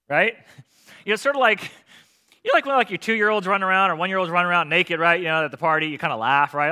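A man preaching a sermon, lively and talkative, often checking in with the crowd with "right?" and acting out voices of the characters. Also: sits high, brisk. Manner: animated, acts out voices of God and children. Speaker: pastor.

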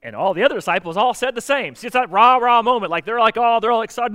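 A man preaches to his congregation with a high, bright, forceful voice. He delivers the sermon in a lively way and acts out the voices of the people he quotes. The sound carries a long reverb from the hall. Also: quick pace. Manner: animated, acts out quotes with rising energy. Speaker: pastor.

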